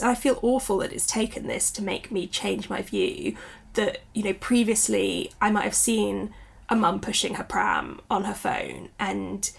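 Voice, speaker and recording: Guest, woman, 30s; candid and reflective, gravelly and a bit husky. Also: medium pitch. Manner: reflective, candid, laughs often. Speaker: guest, author and new mother. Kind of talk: conversational interview.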